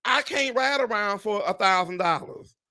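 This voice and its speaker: This man, a real estate agent, hangs out with viewers on a live stream, swearing, exclaiming animatedly, and talking right to "y'all." His voice sits high and moves at a moderate pace.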